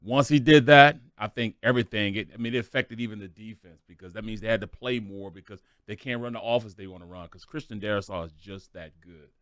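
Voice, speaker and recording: A man raised in St. Louis, co-hosting a sports talk show in a loose, chatty way and quick to laugh. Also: fairly low pitch, fairly bright tone, no echo, studio quality. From St. Louis, USA. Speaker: sports radio co-host.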